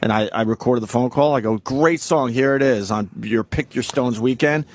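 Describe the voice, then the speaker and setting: A man's voice: mid-range voice, brisk, no echo. A man hosting a radio talk show, telling stories casually and poking fun at himself. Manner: casual, self-deprecating storytelling. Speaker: radio host.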